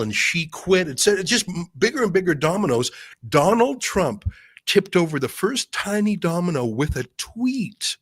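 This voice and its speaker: A man's voice: on the high side, no echo. Insistent Canadian male political commentator. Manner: rapid, insistent explaining. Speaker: guest commentator.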